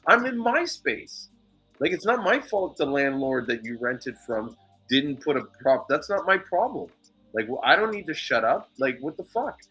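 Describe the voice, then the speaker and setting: A man hosting a loose, casual talk show who tells a heated story full of swearing. His voice is bright and forceful. Faint music plays underneath. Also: a little high, very animated, normal speed, breathy edge, poor audio. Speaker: podcast host. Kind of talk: casual chat.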